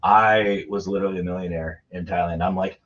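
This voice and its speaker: A man with a fairly low voice tells crude travel stories, laughing at his own jokes. The chat is loose and casual, like friends around a podcast mic. The sound is a bit dull and lo-fi. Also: fairly even intonation, fairly quick, fairly bright tone.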